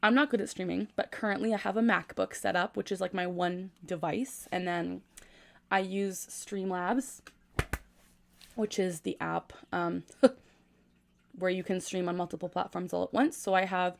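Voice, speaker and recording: Gravelly-voiced young woman livestreaming. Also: on the low side, fairly even intonation, normal speed, a little hiss or hum. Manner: keeping her voice down at night. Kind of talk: casual livestream chat, reading comments. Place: her room at home at night. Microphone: gaming USB microphone.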